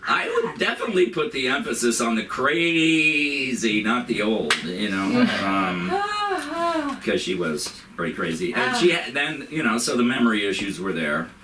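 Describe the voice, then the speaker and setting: A middle-aged man doing an open-mic stand-up set, rambling and halting, laughing at his own jokes. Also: medium pitch, expressive. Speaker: stand-up comedian. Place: comedy club stage. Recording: echoey room, far from the mic, noisy.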